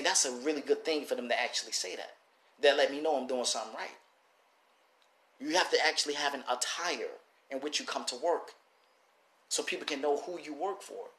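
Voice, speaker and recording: A man at a mid pitch gives a casual motivational talk about growing an oil business. He speaks in an animated way and keeps repeating and restarting his phrases. The room around him is noticeably echoey. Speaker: oil seller teaching a lesson. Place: works in Detroit.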